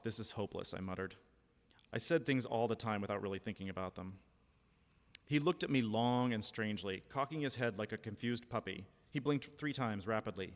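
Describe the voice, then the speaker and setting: A man reading his own first-person short story aloud at a library event, with wry, measured delivery. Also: fairly low pitch, in a large hall. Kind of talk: live fiction reading.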